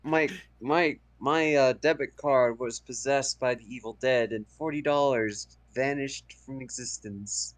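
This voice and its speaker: Male podcast co-host, chatty, giggly storyteller, average pitch. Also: unhurried, hardly any pauses. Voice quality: chatty, laughs through his stories. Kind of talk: casual movie chat.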